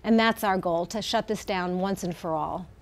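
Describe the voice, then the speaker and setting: A woman's voice: on the low side, moderate pace. A middle-aged woman, the head of an animal welfare group, speaking as a guest in a live TV interview in a heartfelt way, with many fillers and restarts.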